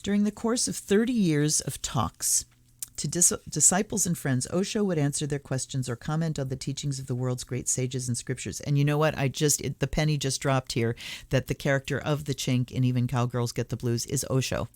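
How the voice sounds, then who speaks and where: A woman's voice: extremely low pitch, a little mellow, no echo. A woman hosting a tarot channel, casually musing and reading book passages aloud in a reflective way. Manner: reflective, musing, slows down for blessings. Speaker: tarot reader and channel host.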